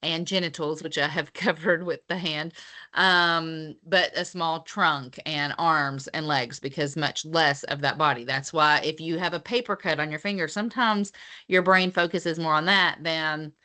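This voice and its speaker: Woman lecturer, low voice, bright tone, casual explaining with fillers. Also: steady tone, unhurried. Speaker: physical therapy instructor. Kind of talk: lecture for students.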